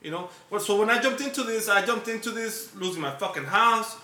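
A man's voice: sits high, brisk, sharp tone, echoey room, far from the mic. A man hosting a podcast and telling a long story in casual, profane chat. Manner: profane, laid-back storyteller. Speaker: podcast host.

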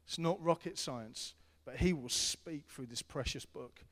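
A middle-aged man preaching a sermon as pastor, earnest and repetitive, swinging between loud appeals and hushed tones. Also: a little high, measured pace, hardly any pauses. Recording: long hall reverb.

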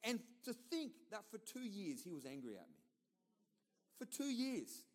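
A middle-aged Australian man preaches a sermon in a loose, storytelling style. His voice sits a little higher than usual for a man, and he leans on repetition and emphatic asides to drive his points home. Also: very animated, unhurried. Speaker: pastor.

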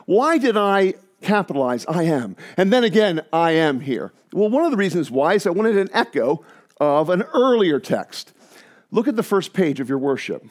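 A man preaching a sermon in an animated way, often restarting and repeating his words. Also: high voice, moderate pace. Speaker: pastor.

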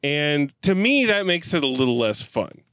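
A man's voice: on the high side, sing-song, moderate pace, fairly bright tone, clear, resonant tone, dry recording. Laughing, profane man reviewing a movie. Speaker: podcast co-host. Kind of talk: casual movie review chat.

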